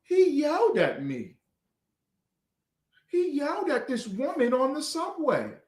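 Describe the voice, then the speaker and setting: A man preaching fiercely, swinging between shouts and low, muttered lines. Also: huge pitch swings, takes it slowly, echoey room. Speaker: street preacher. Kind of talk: fiery street preaching.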